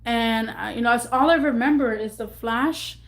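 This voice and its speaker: Halting, emotional young woman storyteller. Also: on the high side. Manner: halting, repeats herself, rambling. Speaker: vlogger.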